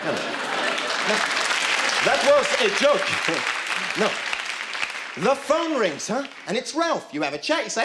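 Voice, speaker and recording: A British stand-up comedian performs a zany, rambling routine on a live TV studio stage, his very high-pitched voice swinging widely in pitch. He speaks a little slowly and pauses often, while the echoey studio carries crowd noise and a loud audience.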